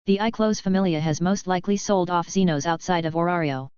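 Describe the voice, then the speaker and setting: A woman's voice: fairly low pitch, fairly quick, darkish tone, clear, resonant tone, no echo, highs cut off, lightly acted. A woman voicing a confident young man who leads his group, speaking bluntly and in a businesslike way.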